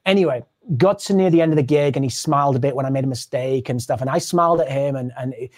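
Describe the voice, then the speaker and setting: A touring drummer telling a story in an interview, animated and acting out the people he quotes. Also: mid-range voice, quick pace.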